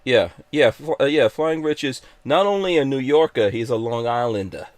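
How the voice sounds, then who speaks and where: A man's voice: mid-range voice, lively intonation, normal speed. A man hosting a live podcast stream, chatting casually in an upbeat, joking, rambling way. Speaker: podcast host.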